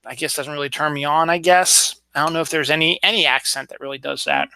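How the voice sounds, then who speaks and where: A man's voice: on the high side, steady tone, fast talker, gravelly, bright, forceful tone. A man hosting his own show alone at home, chatting casually through news items, rambling, with many fillers and restarts. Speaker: podcast host. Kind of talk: casual solo news chat.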